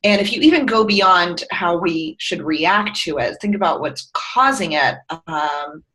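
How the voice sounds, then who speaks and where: A middle-aged woman who founded a company tells stories in a conversational interview, earnest and expressive, and she tears up. Her voice is lowish and unhurried, and the recording is rough.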